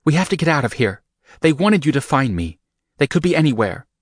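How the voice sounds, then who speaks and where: A frightened young woman, pleading and breathless, her voice lifted high as a man acts her out. She sounds shaken and urgent. The recording is dry and close. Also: very animated, a little fast, dry recording.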